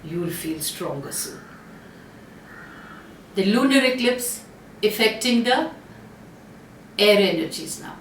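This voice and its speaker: A woman's voice: medium pitch, expressive, takes it slowly, pauses often, a little hiss or hum. Earnest woman astrologer, echoey and distant. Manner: earnest, chatty, many fillers and restarts. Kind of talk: casual talk to camera.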